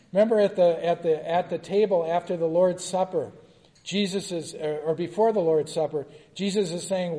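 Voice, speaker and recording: Male pastor leading a Bible study, mellow tone, reads scripture then asks questions; long hall reverb. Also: on the high side.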